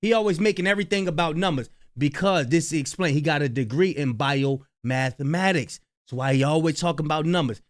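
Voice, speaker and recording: A man from New Jersey hosting a reaction channel, giving animated, slangy commentary on clips and repeating his points. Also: on the high side, fairly quick, hardly any pauses.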